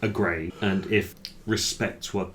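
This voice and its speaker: Low-voiced man running a tabletop game. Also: fairly even intonation, slow pace, a bit bright, a little hiss or hum. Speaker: game master.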